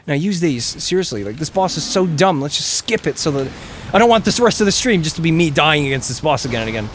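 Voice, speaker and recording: Male game streamer, gravelly, bouncy delivery, excitable casual commentary with lots of yelling at the game. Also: a little high, a little fast, slight background noise. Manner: excitable, begs and yells at the game, swears freely.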